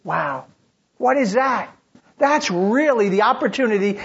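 Pregador rouco, enfático, sermão de igreja em gravação abafada. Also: male voice, very high-pitched, lively intonation, normal speed, breathy edge. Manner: emphatic, rising rhetorical questions. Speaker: pastor. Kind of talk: sermon. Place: church. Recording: dull lo-fi recording.

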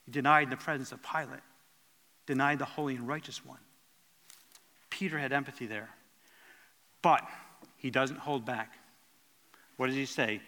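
A man's voice: mid-range voice, fairly even intonation, normal speed, long pauses, pushed and bright, in a large hall. A man preaching a sermon in an earnest teaching tone, stumbling and restarting as he explains the verses.

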